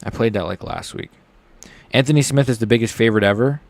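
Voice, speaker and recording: Excitable young man reacting to fights. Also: fast talker, creaky. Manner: casual, excitable, shouts with rising pitch at big moments. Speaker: streamer. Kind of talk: live fight reaction commentary.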